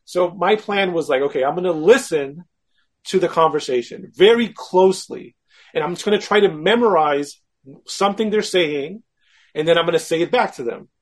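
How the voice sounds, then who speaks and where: A man, a guest, telling a personal story in casual talk, animated and self-mocking, acting out his own quoted thoughts. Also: on the high side, moderate pace.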